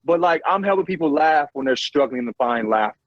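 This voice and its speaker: A man speaking a bit higher than most men, rambling through stories with plenty of swearing and "you know what I'm saying." The sound is dry and close, with no room around him. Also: lively intonation, a little fast, dry recording, lo-fi sound. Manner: loose, profane storytelling with many fillers. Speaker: podcast guest. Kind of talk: casual chat.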